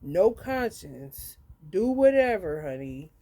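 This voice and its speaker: A woman with a mellow, dark voice hosting a live tarot stream. She talks bluntly and profanely and keeps calling people honey. She jumps from loud, high outbursts down to low, muttered asides. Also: very animated, slow pace. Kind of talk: unscripted live-stream monologue.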